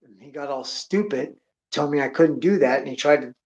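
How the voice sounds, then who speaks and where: Brief: blunt, swearing man, slightly high voice, spinning a long story; dull lo-fi sound. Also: brisk, darkish tone. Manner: rambling, heavy swearing, blunt. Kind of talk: profane storytelling monologue. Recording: dull lo-fi audio.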